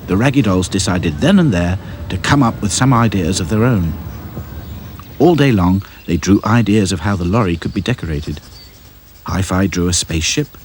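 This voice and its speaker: A man narrating a children's storybook in a lively, sing-song way. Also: low voice, moderate pace, a little hiss or hum. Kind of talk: storybook reading.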